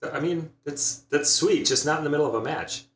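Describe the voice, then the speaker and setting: A man's voice: fairly high pitch, fairly quick, fairly bright tone, reverberant. A man co-hosting a casual podcast chat, laughing often and adding dry short remarks. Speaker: podcast co-host.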